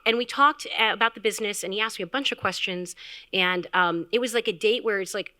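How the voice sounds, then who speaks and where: A woman founder giving a candid, animated storytelling talk at a live event, acting out quotes with filler words. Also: medium pitch, fast. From Canada. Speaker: health tech founder, speaker.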